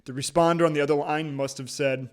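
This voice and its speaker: A man's voice: fairly high pitch, steady tone, fast, a little hiss or hum. A man giving casual, emphatic reaction commentary on a video clip, with restarts now and then.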